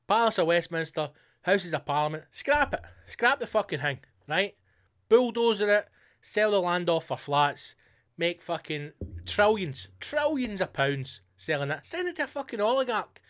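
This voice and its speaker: A man hosting his own podcast, ranting hard and swearing freely. His voice sits a bit higher than most men's. He throws in sarcastic asides as he goes. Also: big pitch swings, normal speed, fairly bright tone, dry recording, clean studio sound. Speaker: podcast host.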